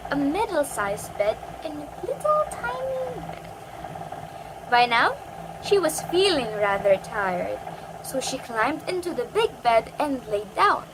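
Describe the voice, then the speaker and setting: A slow, lively woman reading a storybook. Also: high voice, noisy background. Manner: slow, expressive.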